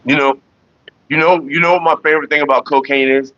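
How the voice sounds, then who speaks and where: A middle-aged man hosting a casual livestream, talking in a rambling, profane way with animated retellings. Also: a little high, fast talker, no echo, dull audio. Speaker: livestream host.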